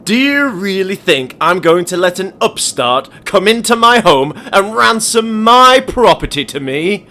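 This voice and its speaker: A man voicing a ruthless, centuries-old male billionaire in a homemade monologue, stern and deliberate with a slight twang. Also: medium pitch, lively intonation, a bit bright. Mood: furious. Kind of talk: amateur voice acting monologue.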